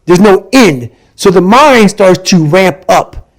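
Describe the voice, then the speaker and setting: A man's voice: high-pitched, animated, takes it slowly, low-quality recording. A man guest in a conversation, telling a personal story with intense emphasis and repeating his points to hammer them home. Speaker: podcast guest.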